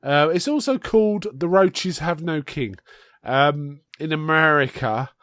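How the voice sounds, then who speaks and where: A man with a slightly raised pitch, hosting a podcast in a relaxed, rambling way. He trails off, restarts and chuckles as he explains. His voice is close and dry, with almost no room sound. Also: measured pace, no echo. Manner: rambling, chatty, laughs while explaining. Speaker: podcast co-host. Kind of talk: casual chat.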